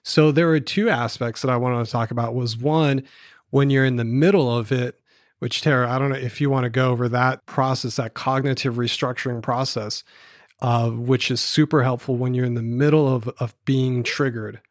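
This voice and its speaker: A man co-hosting a podcast, explaining a study in a measured, step-by-step way. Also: mid-range voice, fairly even intonation, no echo, clean studio sound. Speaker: podcast co-host.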